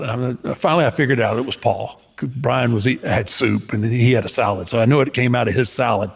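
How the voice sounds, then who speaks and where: Gravelly male storyteller with a loose, rambling delivery and a reverberant sound. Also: mid-range voice, normal speed. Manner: laughing, rambling with restarts. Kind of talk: casual anecdote.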